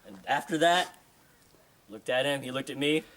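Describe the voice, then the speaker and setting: A man's voice: mid-range voice, normal speed, fairly bright tone. A young man casually telling a story to a friend, acting out the voices of others, laughing often and swearing freely.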